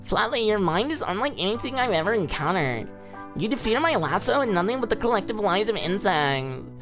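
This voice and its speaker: A man voicing a regal adult Amazon warrior princess in a raised, lilting falsetto. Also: sing-song, fairly quick, fairly bright tone, soft background music. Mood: admiring.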